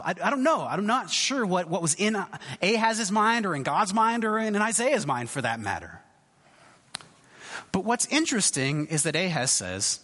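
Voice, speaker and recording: Male preacher, chatty sermon delivery with animated pitch and restarts; recorded with long reverb from a hall. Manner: conversational, hesitant restarts, acts out quoted voices.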